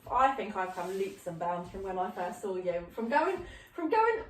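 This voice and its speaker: A woman's voice: medium pitch, sing-song, moderate pace. A woman hosting a casual podcast, talking frankly and chatting with her guest. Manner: chatty, frank, agreeable listener. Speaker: podcast host. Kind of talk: casual chat. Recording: roomy, distant mic.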